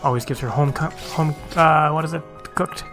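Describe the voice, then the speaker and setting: A man's voice: on the high side, steady tone, normal speed, fairly bright tone. A man hosting a let's play, commenting casually and offhand, swearing and chuckling to himself. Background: game music.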